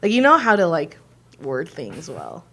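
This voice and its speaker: A woman's voice: sits low, huge pitch swings, unhurried, a bit bright. A woman in her thirties co-hosting a podcast, talking in a rambling, emotional way with many fillers while holding back tears. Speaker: podcast co-host. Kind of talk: casual heartfelt conversation.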